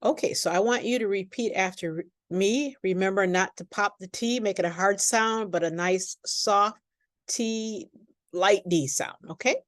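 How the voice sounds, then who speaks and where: Slow, deliberate American woman teacher. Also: mid-range voice, dry recording, studio quality. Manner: slow, deliberate, carefully enunciated. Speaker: pronunciation teacher. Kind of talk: recorded lesson with repeat-after-me drills.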